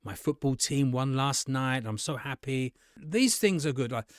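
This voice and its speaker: A man teaching English to camera in a casual, conversational way, sometimes jumping his voice up high to act out sample dialogues. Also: expressive, a little slow, no echo, clean studio sound. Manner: conversational, acts out sample dialogues with bright jumps in pitch. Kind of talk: casual spoken lesson to camera.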